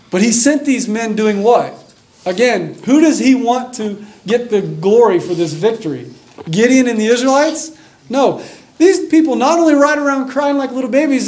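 A man preaching a sermon, telling a Bible story with lively excitement and reading scripture aloud. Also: extremely high pitch. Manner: animated storytelling, reads scripture aloud, acts out scenes with excitement.

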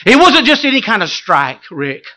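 Male preacher, bright and forceful tone, delivers a dynamic sermon that jumps from loud to hushed. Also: high-pitched, moderate pace. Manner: animated preaching, swinging between loud exclamations and hushed asides.

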